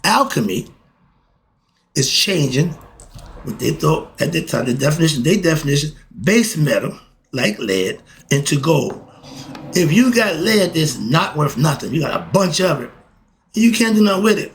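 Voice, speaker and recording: A middle-aged man hosting a casual spiritual talk. He talks in a preachy, excitable way, asks himself questions and answers them, and swings between fired-up bursts and calmer stretches. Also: on the high side, normal speed, creaky, slight background noise. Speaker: host.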